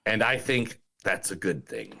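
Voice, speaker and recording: A man putting on an Irish accent to play a gruff, profane islander, reading lines with exaggeration. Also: deep voice, very animated, a little slow, sharp tone, a little hiss or hum, pitched below the performer's own voice, heavily acted. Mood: mock Irish. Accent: put-on Irish. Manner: exaggerated, sweary, swallowing laughs between lines. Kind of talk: podcast movie quote reading.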